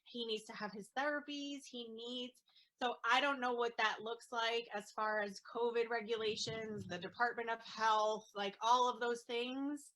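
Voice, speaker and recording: A woman speaking as an interview guest, an earnest mother talking in a halting way with many fillers and restarts. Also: a little high, steady tone, a bit bright, poor audio. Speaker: guest, autism mom. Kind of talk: casual interview chat.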